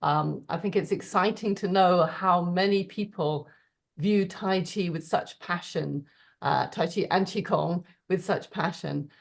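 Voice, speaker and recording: A woman with a slightly low voice speaks over a video call. She is warm and earnest and often pauses to search for words. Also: gravelly. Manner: warm, earnest, hesitant with fillers. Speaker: participant. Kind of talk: heartfelt spoken thanks on a video call.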